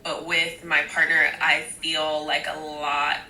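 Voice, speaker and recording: Low-voiced, emotional woman in confession. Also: level tone, slow, pushed and bright, roomy sound, slight background noise, poor audio. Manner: emotional, hesitant, reflective. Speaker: reality show participant. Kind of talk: confessional interview.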